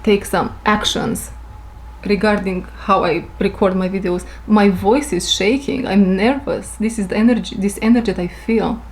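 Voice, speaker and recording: A woman who speaks English as a second language, giving an intuitive spiritual reading to her viewers. She talks slowly, repeats her phrases and searches for words. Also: medium pitch, steady tone, reverberant, a little hiss or hum. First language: not English. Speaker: intuitive reader.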